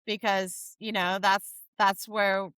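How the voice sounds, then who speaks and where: Woman podcast host, smooth clear voice, easygoing and encouraging, dry close mic. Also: medium pitch, little pitch movement, slow, a bit bright, dry recording. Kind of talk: casual interview and outro.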